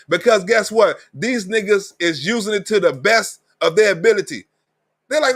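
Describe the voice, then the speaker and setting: A man with a strikingly high voice, ranting on his own live stream. His talk is blunt street slang, thick with profanity, and he hammers home every point with heavy emphasis. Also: lively intonation, moderate pace, a bit bright. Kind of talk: ranting monologue.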